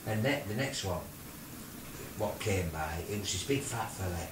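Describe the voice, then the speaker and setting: An older man, a grandfather, telling a silly made-up story in an animated way, with squeaky put-on voices for the people in it. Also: normal speed, slight background noise. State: ill. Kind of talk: playful bedtime-style storytelling. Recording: roomy home video from a distance.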